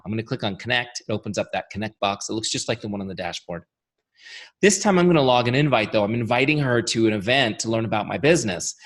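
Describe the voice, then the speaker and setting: Lowish voiced guy running a webinar, kinda losing his voice, keeps asking are you with me. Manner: energetic, chatty, rhetorical questions, goes off on tangents. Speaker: software founder giving a training webinar. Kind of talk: webinar training.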